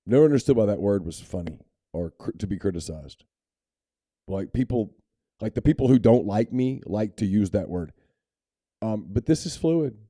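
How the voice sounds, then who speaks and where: A man's voice: lowish voice, lively intonation, moderate pace, warm tone, dry recording, clean studio sound. A man co-hosting a sports podcast, talking candidly and opinionatedly in casual chat, with frequent restarts. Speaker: podcast co-host.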